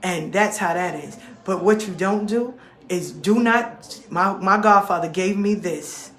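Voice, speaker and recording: A woman's voice: medium pitch, a little slow, fairly bright tone, reverberant. A woman hosting her own talk show, speaking bluntly and with a lot of swearing to her followers, acting out both sides of conversations. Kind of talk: casual monologue to followers.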